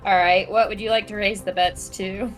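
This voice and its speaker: A woman's voice: medium pitch, steady tone, moderate pace, soft background music. A woman narrating as game master in a loose, giggly way, full of "like" fillers.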